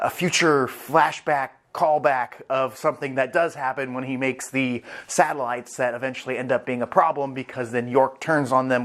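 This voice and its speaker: A man's voice: mid-range voice, fairly bright tone. Enthusiastic, swearing male reviewer. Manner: enthusiastic, profane and rambling. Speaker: anime review channel host. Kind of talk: casual chapter review.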